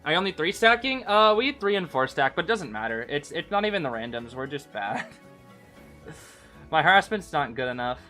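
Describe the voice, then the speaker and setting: A game streamer excitedly recaps his gameplay for his live chat, tripping over repeated words and saying "bro" constantly. His voice is a little high, bright, and forceful at a normal speed, with faint music playing quietly in the background.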